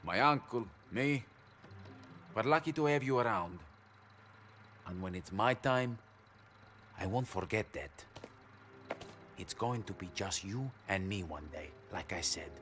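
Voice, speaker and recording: A man's voice: on the low side, lively intonation, unhurried, pauses often, noisy background. An actor with an Italian accent playing a cocky, friendly young male Sicilian mafioso in a video game. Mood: warm.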